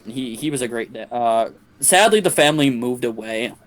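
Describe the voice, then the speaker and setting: A man's voice: mid-range voice, lively intonation, moderate pace. A young man streaming a game, telling a long crude story in a casual, profane, rambling way with many restarts.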